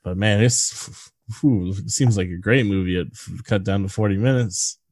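A man's voice: on the low side, normal speed, a little mellow, no echo. A man co-hosting a podcast, chatting casually about a bad movie, crude and jokey, often laughing. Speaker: podcast co-host.

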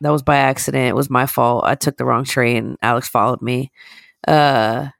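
A woman co-hosts a casual podcast, her voice gravelly with vocal fry. She rambles through animated stories and laughs often. The sound is dry and close. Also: extremely low pitch, normal speed, dry recording. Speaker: podcast co-host. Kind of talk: casual chat.

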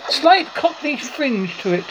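A woman with an English accent interviewing a guest, reassuring and a little halting, often repeating words. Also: high voice, big pitch swings. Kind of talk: casual interview chat. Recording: noisy background.

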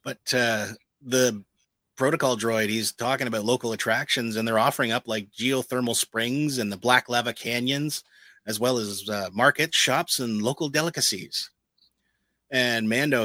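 A man co-hosting a podcast, reading a plot recap in a steady narrating tone with quick casual asides. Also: medium pitch, dry recording, low-quality recording. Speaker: podcast co-host recapping an episode.

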